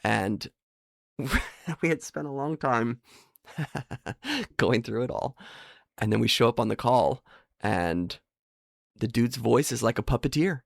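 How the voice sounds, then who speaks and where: A man with a gravelly edge and an ordinary mid pitch, talking through a casual podcast monologue. He tells rambling, self-deprecating stories and drops into quick impressions of the people in them. The sound is close and dry. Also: lively intonation, no echo. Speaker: podcast host.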